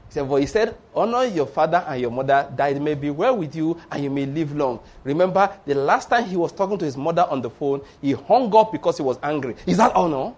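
A man's voice: a little high, expressive, fast talker, hardly any pauses. A man preaching a sermon, exhorting his congregation emphatically and mixing in playful story asides. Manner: emphatic, exhorting with tag words like "oh".

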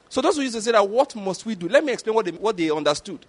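A middle-aged man preaching a sermon, animated and full of rhetorical questions, acting out the quotes he tells. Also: high-pitched, quick pace, hardly any pauses.

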